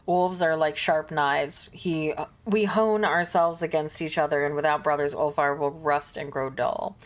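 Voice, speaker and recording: A woman's voice: low-pitched, steady tone, measured pace. A woman voicing an arrogant, domineering male wolf pack leader, reading game dialogue in a commanding, condescending tone. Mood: persuasive.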